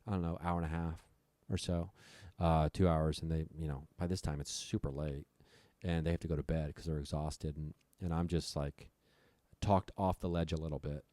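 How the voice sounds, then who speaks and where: Low-voiced man telling a profane story. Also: level tone, moderate pace, dark tone, dry recording. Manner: profane, breathless retelling. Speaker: podcast guest. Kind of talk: storytelling on a comedy podcast.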